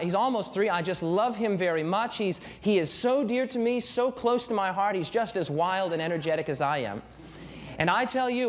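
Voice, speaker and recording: A young man preaching a sermon with fervor, swinging his pitch and pace for emphasis.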